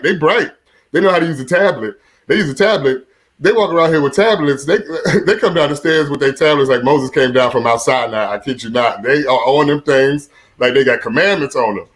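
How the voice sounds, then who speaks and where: Deep voiced guy doing stand-up from a room at home, laughs at his own jokes, says uh a lot. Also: a bit bright. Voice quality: deep voice, often compared to Mufasa. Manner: chuckles at his own jokes, many "uh" fillers. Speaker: stand-up comedian. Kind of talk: stand-up comedy set.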